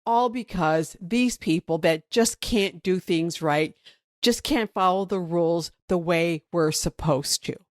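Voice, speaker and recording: A woman's voice: lowish voice, unhurried, dry recording, studio quality. A woman hosting a podcast, explaining in a chatty way and acting out worried inner thoughts. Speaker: podcast host and dog trainer. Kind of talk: solo podcast teaching.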